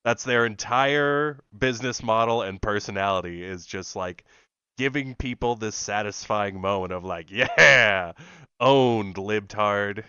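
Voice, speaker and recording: A man co-hosting a podcast talks in a lively, sarcastic, profane way and laughs often. His low voice is bright and smooth. The sound is dry and a little dull. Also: normal speed, dry recording. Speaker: podcast co-host. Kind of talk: casual reaction chat.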